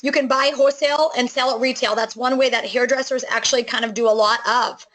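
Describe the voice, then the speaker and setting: Chatty middle-aged woman selling a home business, high bright voice, lots of ums and restarts. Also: steady tone, fast, poor audio. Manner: enthusiastic, chatty, many fillers and restarts. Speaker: network marketing recruiter. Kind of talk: sales pitch on a call.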